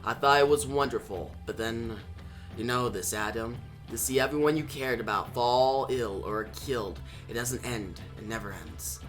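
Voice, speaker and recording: A man playing a world-weary immortal who longs for death, in a low, subdued voice. His words sound tired and heavy. His bright, tense timbre carries through. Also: normal speed, faint music behind, natural voice.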